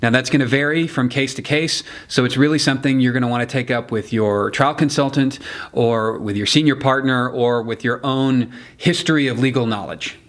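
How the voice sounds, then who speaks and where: Male trial-skills coach, mid-pitched voice, laid-back teaching tone with deliberate courtroom emphasis. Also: fairly even intonation. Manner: casual, blunt asides. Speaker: legal communication coach. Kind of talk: instructional explainer.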